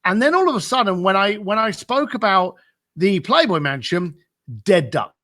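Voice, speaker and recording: A man with a high voice tells a story in a podcast interview, acting out both sides of a phone call. His tone is bright and forceful, and he leans on fillers and repeated "I said.". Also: expressive, moderate pace. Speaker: podcast guest.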